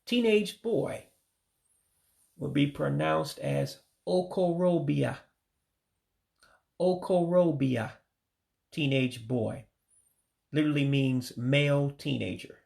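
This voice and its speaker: A man teaching vocabulary from his studies, saying each word slowly and carefully and often correcting himself. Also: on the high side, creaky, darkish tone. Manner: slow, careful word-by-word pronunciation with frequent self-corrections. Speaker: language learner teaching vocabulary. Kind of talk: informal vocabulary lesson.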